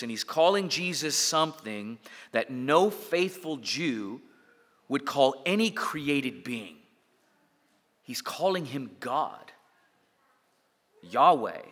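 A man's voice: mid-range voice, fairly bright tone. Preaching man in a reverberant hall. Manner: earnest preaching, swelling and dropping for emphasis. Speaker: pastor. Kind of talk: sermon.

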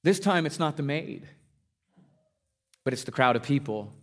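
A male pastor delivering a sermon in an average-pitched voice. He tells the scripture story with lively emphasis, his voice climbing for stress and sinking low and quiet on the heavy lines. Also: normal speed. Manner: dynamic preaching, pitch rising for emphasis and dropping low on key lines.

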